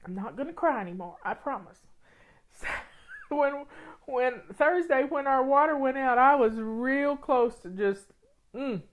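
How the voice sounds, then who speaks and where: A woman's voice: sits high, lively intonation, unhurried. A woman hosting a casual livestream, reading comments, tearful and sniffly, rambling with many restarts. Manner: rambling, warm, frequent restarts and laughs. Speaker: livestream host.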